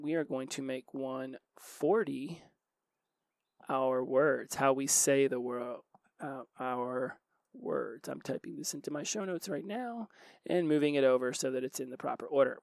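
A man hosting a solo self-help podcast. He talks fast and restarts his sentences often. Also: mid-range voice, gravelly, a little mellow, no room sound. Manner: fast-talking, with frequent restarts. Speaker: podcast host.

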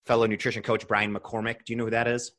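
A young man hosting a podcast as a nutrition coach, talking casually, animated and swearing freely as he rants. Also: mid-range voice, fast.

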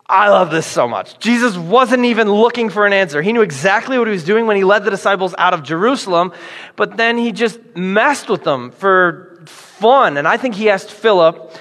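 Playful preacher man in a reverberant hall. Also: sits high. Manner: animated storytelling with playful voices for characters. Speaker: pastor. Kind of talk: sermon.

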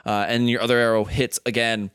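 A man narrating a tabletop game as game master, describing the action in halting bursts with many fillers. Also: medium pitch, little pitch movement, fairly bright tone, smooth, no echo, clean studio sound.

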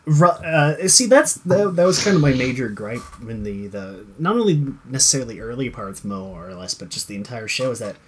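A man's voice: medium pitch, big pitch swings, moderate pace, hardly any pauses, a little hiss or hum. A man chatting casually about a TV show, rambling with many fillers and restarts and swearing now and then. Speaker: co-host discussing a TV show. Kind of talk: casual chat.

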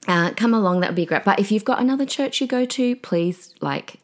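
A woman's voice: medium pitch, expressive, fairly quick. A woman hosting a podcast on her own, chatting in a gushing way with lots of fillers and asides. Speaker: podcast host and preacher. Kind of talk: casual solo podcast chat.

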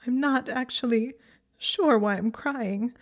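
A woman's voice: normal speed, mellow, close to an everyday voice. A woman voicing an emotional young witch who sobs and strains her voice through tears. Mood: sobbing. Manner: sobbing, high and strained while crying. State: crying.

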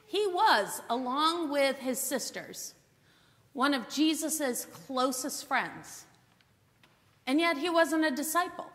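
A woman's high, clear voice preaches unhurriedly, telling the story with dramatic pauses. Her bright tone rings out under a long hall reverb. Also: animated. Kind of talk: Bible teaching sermon.

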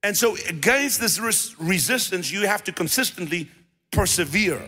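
A high-sitting, animated voice, pushed and bright with a breathy edge, carries this South African pastor's sermon at normal speed. He preaches casually, repeating phrases and restarting, in a church hall with long reverb.

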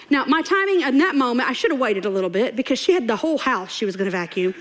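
Her voice is high and fast, with hardly any pauses, as she preaches on a church stage before a congregation. The woman tells an amusing personal tale in her sermon, laughing and animatedly voicing the characters.

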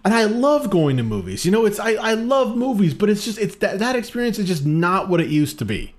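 A man's voice: sits high, big pitch swings, fairly quick. A man co-hosting a podcast in casual chat, rambling and swearing freely. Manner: rambling, profane, self-deprecating. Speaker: podcast co-host.

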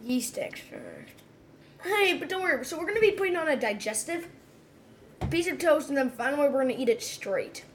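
A woman's voice: sits high, wildly swooping pitch, a little fast, slight background noise. A young woman co-hosting a podcast in casual chat, giggly, chatty and easily grossed out. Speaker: podcast co-host.

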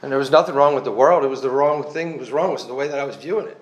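Racing along in a mid-range voice, a man shares his personal testimony with a church congregation. His tone is sincere and chatty, full of self-mocking humor, and he keeps circling back to restart sentences.

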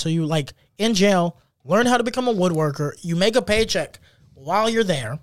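A man co-hosting a podcast in casual chat, animated and rambling with lots of fillers. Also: high voice, brisk, no echo, clean studio sound. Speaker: podcast co-host.

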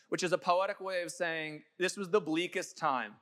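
A man's voice: sits high, moderate pace, hardly any pauses, pushed and bright. A young adult man preaching a sermon, impassioned and building to emphatic peaks. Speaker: pastor.

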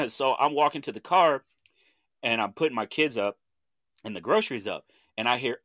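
A man in his thirties from Oklahoma with an Oklahoma accent, co-hosting a podcast and telling a story in animated casual chat, acting out what people said in slangy talk. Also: mid-range voice, normal speed, dry recording. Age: 30s. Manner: animated storytelling with slang, acts out quoted voices. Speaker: podcast co-host.

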